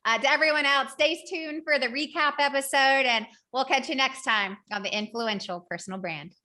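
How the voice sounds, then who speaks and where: Bright-voiced Southern woman hosting. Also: sits high, brisk. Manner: chatty and upbeat, says y'all often. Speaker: podcast host. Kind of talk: casual podcast talk and recap.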